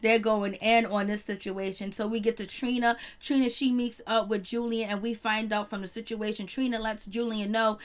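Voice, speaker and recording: A woman's voice: fairly high pitch, little pitch movement, moderate pace, hardly any pauses. A woman giving a chatty, laughing recap of a reality TV episode, often exclaiming to herself. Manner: chatty, laughing, exclaims "Lord have mercy". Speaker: show recap reviewer.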